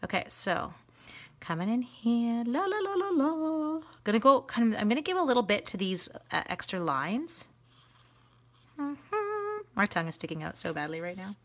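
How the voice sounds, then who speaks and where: A woman hosting a live craft stream, chatting to viewers as she colors, quick to gush and laugh. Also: medium pitch. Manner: chatty, excitable, talks to viewers while coloring.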